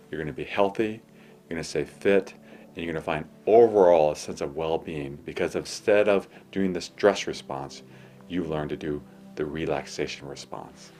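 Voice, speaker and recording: With a bass voice over soft background music, the middle-aged host of an advice show leads his listeners through slow breathing, his tone gentle and calming.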